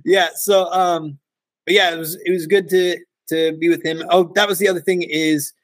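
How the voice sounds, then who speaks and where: High-voiced man telling stories on a podcast. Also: normal speed, no room sound, poor audio. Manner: animated, laughs often, acts out quotes. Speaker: podcast guest. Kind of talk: casual storytelling chat.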